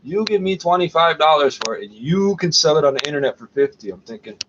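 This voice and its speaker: A man's voice: fairly high pitch, expressive, quick pace, muffled recording, noisy background. A man rambling profanely to camera in a casual monologue, muttering asides and tagging lines with "eh?". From Canada. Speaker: vlogger.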